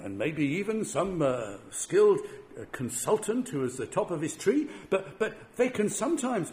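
A man's voice: on the high side, a little mellow. A man preaching a sermon, earnest and given to repeating words as he builds his point.

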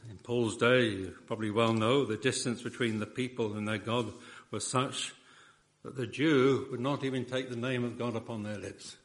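A man's voice: on the low side, fairly bright tone. A man preaching a sermon in an earnest, emphatic way, often repeating phrases for weight.

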